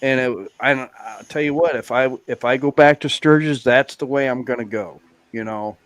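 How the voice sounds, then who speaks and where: A man's voice: medium pitch, normal speed, a bit bright, dry recording. Dry-sounding man telling rambling stories. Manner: rambling storyteller, lots of "you know" fillers. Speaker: guest biker. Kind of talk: casual live-stream chat.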